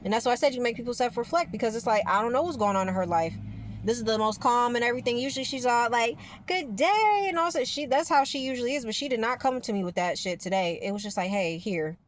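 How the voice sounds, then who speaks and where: A woman's voice: on the high side, animated, very fast, a little hiss or hum. A woman vlogger talking casually to her viewers about spirituality, rambling and emphatic, with the odd swear word.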